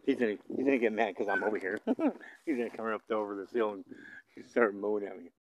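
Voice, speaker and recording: A man filming cattle outdoors on a hillside, coaxing and calling to the animals in a high sing-song voice, then talking casually to the camera. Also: lively intonation, fast talker, low-quality recording. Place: outdoors in a hilly pasture.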